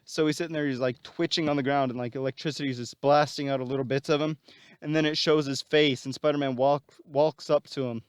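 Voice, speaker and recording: A man's voice: mid-range voice, steady tone, fast, clean tone, no echo, studio quality. A man casually retelling a story plot, rambling and full of fillers.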